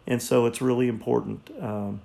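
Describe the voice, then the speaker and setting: A man in his sixties, a marriage counselor, speaking in an earnest, halting way as he reflects and teaches. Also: medium pitch, level tone, vocal fry, mellow. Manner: earnest, halting, repeats words.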